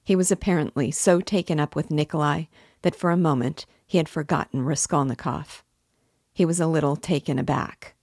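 Woman narrator, steady classic-novel read, low voice, dry close mic. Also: normal speed, slightly rough, no echo. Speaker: book reader. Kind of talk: audiobook narration.

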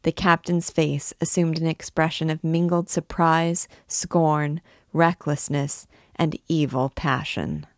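A middle-aged woman and literature teacher reading a classic novel aloud in a measured, deliberate storytelling manner. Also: low voice, level tone, no room sound, studio quality.

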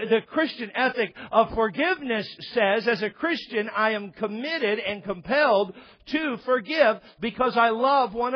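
A man's voice: sits high, slightly rough. A man, a pastor preaching a conversational sermon with humor and stammered restarts. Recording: dull, lo-fi sermon recording.

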